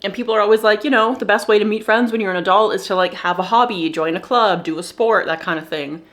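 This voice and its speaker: Teary young woman vlogging candidly. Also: medium pitch. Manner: soft, halting and teary, with nervous laughs. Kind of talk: candid personal vlog.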